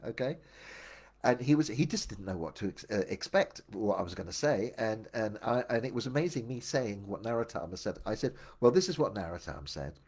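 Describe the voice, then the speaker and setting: Husky older man telling his story. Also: on the low side, expressive, fairly quick, darkish tone. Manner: meandering, reflective, with many restarts. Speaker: memoir storyteller. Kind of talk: casual first-person storytelling.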